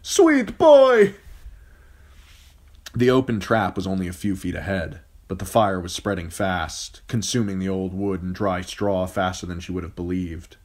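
Low-voiced male audiobook narrator. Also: normal speed, few pauses. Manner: steady storytelling with occasional slips. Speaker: audiobook reader. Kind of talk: scripted narration.

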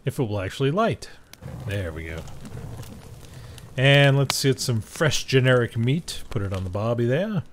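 A young man casually commenting on his own gameplay, joking, talking to the game's characters and yelling when startled. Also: mid-range voice, very animated, normal speed, pauses often, a little hiss or hum. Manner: chatty, jokey, talks to the game's characters; reacts loudly and shrieks when startled. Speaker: gaming video host. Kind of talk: casual let's-play commentary.

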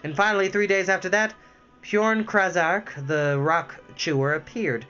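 A man reading a storybook aloud, lively, with chatty asides and self-corrections. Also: high-pitched, measured pace, clear, resonant tone, muffled recording, soft background music.

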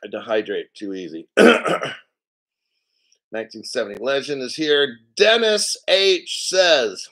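A man hosting a casual crypto livestream, a little out of breath, talking loudly and profanely and swinging between mumbled asides and shouting. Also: mid-range voice, expressive, a little slow. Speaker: crypto show host.

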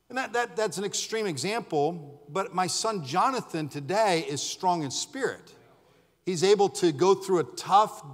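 A middle-aged male pastor preaching in a church, his voice sitting a bit high for a man. He tells stories animatedly and acts out what people said, rising to shouts at the peaks. A long reverb from the sanctuary hangs on his words. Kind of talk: sermon.

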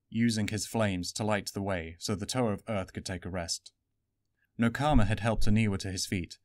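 A man narrating a fantasy adventure story in an even, steady storytelling manner. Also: on the low side, no echo, clean studio sound. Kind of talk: audiobook fan reading.

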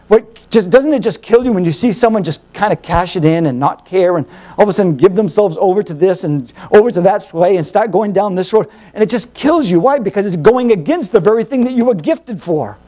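A man preaching a sermon as Bible teacher, animated and emphatic, piling up rhetorical questions and repeated phrases. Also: sits high.

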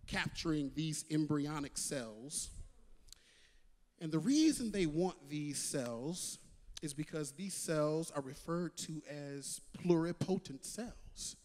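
A man preaching a sermon as pastor, repeating words as he builds and swinging from loud calls to hushed quotes. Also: sits high, big-room sound.

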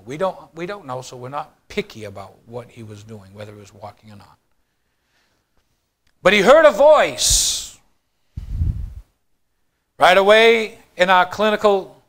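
High-voiced man preaching a sermon. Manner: emphatic preaching, swinging between loud declarations and low, quiet asides; addresses the congregation directly with questions. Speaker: pastor.

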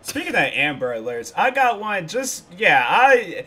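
Guy reacting to clips, rambling, kinda high and bright voice. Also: very animated, a little slow. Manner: rambling storytelling with filler phrases. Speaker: reaction channel host. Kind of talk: casual reaction commentary.

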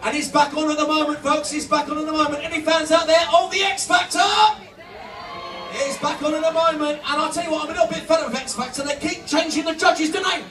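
A man doing live stand-up comedy, loud and punchy, shouting to reach the crowd. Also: extremely high pitch, steady tone, fast talker. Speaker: comedian and impressionist. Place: holiday park entertainment stage. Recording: echoey room, from far off, music and crowd.

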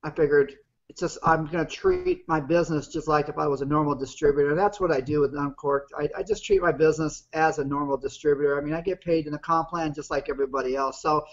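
A man's voice: on the high side, fairly even intonation, quick pace. A man in his fifties telling his personal story on a webinar in a plain-spoken, rambling way. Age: 50s. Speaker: guest business partner. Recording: muffled lo-fi video call audio.

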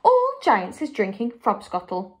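A woman's voice: huge pitch swings, measured pace, breathy edge, full character voice. A woman with an English accent voicing a big friendly male giant who speaks in emphatic, jumbled grammar, in a storybook reading. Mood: proud. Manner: booming, emphatic, garbled grammar.

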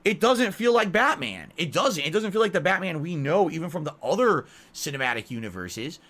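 A man's voice: fairly high pitch, sing-song, fairly quick, fairly bright tone. A man giving a rambling, unscripted movie review, repeating himself as he goes. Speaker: video reviewer.

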